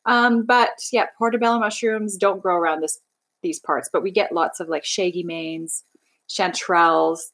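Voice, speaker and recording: A woman's voice: on the low side, fairly even intonation, normal speed, a bit bright, low-quality recording. A young woman from Canada chatting casually on a livestream, bubbly and rambling as she reads out viewer comments. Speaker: livestream host.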